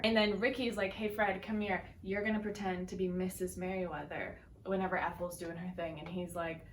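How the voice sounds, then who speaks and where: Young woman, casual podcast recap, animated voices for characters, roomy echo, faint background noise. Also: fairly low pitch, a little fast, few pauses. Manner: animated, acts out characters' lines in put-on voices. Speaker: podcast co-host. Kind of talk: casual chat recapping a sitcom episode. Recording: echoey room, distant from the mic, faint noise.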